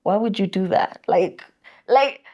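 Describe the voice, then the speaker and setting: A woman's voice: medium pitch, measured pace, a little mellow, muffled recording. A woman chatting casually as a podcast co-host, laughing often as she tells stories. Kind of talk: casual chat.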